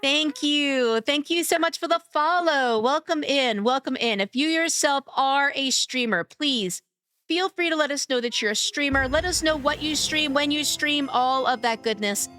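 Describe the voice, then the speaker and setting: A woman's voice: high-pitched, moderate pace, sharp tone, no echo. A young woman streaming a game live, chatting casually and greeting viewers with cutesy baby talk.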